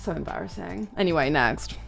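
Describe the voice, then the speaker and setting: A young woman talks to her livestream chat in an animated, swinging voice. She swears freely and reads comments aloud between stories. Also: fairly low pitch, fairly quick, vocal fry, soft background music.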